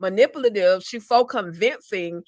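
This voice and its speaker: A woman's voice: medium pitch, normal speed, a little mellow, dry recording. A woman co-hosting a casual TV recap chat, giving frank, sassy commentary. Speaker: co-host.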